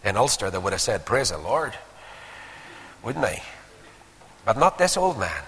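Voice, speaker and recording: Animated preacher, reverberant hall. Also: male voice, fairly low pitch, normal speed, creaky. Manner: animated storytelling with rhetorical questions. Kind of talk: sermon.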